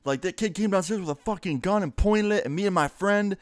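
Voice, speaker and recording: A man's voice: high-pitched, fairly quick, dry recording, clean studio sound, voice pushed up, close to an everyday voice. A man voicing his friend as a furious young man scolding his mother, cursing and exasperated.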